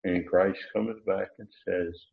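A man's voice: low voice, steady tone, slow pace, creaky. A man teaching a Bible passage verse by verse, explaining the Greek words with emphasis and correcting himself as he goes. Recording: tinny phone-like sound in an echoey room.

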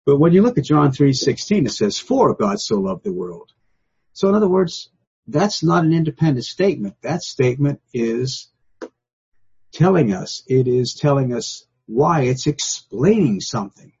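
Teaching an informal Bible study at a moderate pace, an older man speaks in a folksy, emphatic way, hitting single words and saying them again for emphasis. The recording sounds dull and lo-fi, and his voice is mellow with a deep huskiness.

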